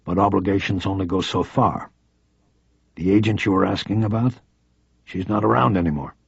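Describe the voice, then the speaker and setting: A man's voice: deep voice, moderate pace, vocal fry, slightly rough, no echo, full character voice. A man voicing a cautious male federal agent who speaks in a guarded way. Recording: dry, slightly dull audiobook recording.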